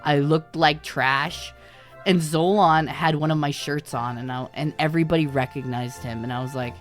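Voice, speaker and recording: Laughing, animated woman streamer with a lower voice. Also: moderate pace, soft background music. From Canada. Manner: animated storytelling with frequent laughter and swearing. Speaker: VTuber streamer. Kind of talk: casual livestream chat.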